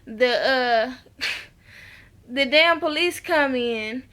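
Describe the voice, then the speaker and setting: A woman with a high, bright voice, chatting casually to her viewers as she recaps a TV episode. She tells it as a lively story and speaks right to her audience. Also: very slow. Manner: animated storytelling, talks straight to viewers. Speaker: TV episode reviewer.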